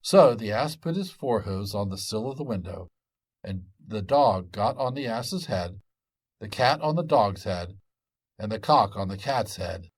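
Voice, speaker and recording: Lively male storyteller. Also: lowish voice, measured pace, breathy edge. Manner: expressive and lively. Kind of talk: storytelling narration.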